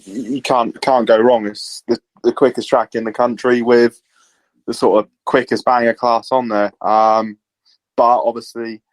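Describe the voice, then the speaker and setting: A man's voice: medium pitch, flat delivery, unhurried, no echo, rough recording. A man, a podcast guest, speaking hesitantly and repeating words as he gives his view. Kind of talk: casual podcast chat.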